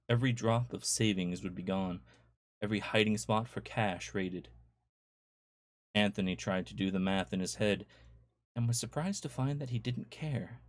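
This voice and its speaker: A man reading aloud his own horror story in a measured, storytelling way. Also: fairly low pitch, darkish tone, no echo.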